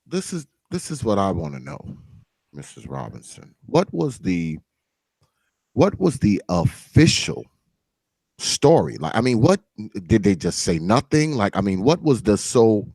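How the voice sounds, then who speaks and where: A man hosting an interview in a low voice with a lively, swinging delivery. He probes and rephrases each question as he goes, and the recording is dry and close. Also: measured pace, no echo, poor audio. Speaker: show host.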